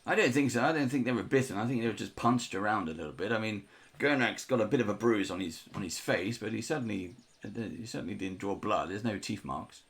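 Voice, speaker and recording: A man's voice: on the low side, fast talker, fairly bright tone. A man voicing an evasive, fussy sanatorium doctor who stammers and defends himself in a tabletop game. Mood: flustered. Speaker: game master.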